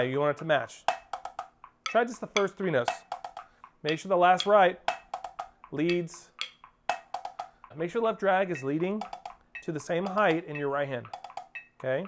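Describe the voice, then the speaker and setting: A man's voice: a little high, lively intonation, unhurried, long pauses, music in the background. A male percussion teacher giving a drum lesson, coaching steadily, counting off and singing rhythms as syllables. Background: percussion playing.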